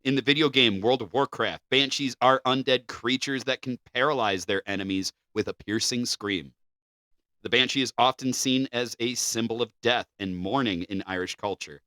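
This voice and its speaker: A man's voice: mid-range voice, normal speed, bright, forceful tone, no room sound. A man co-hosting a podcast, reading facts from notes and then joking around casually. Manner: joking, loose, swears casually. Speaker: podcast co-host.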